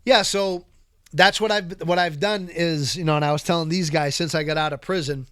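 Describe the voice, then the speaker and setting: A man telling prison stories as a podcast guest, in a lively, foul-mouthed, streetwise way. His voice sits a little on the high side. The sound is dry and close, as if recorded in a podcast studio. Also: moderate pace, clear, resonant tone, no echo. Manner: animated, profane, streetwise storytelling. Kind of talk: casual storytelling interview.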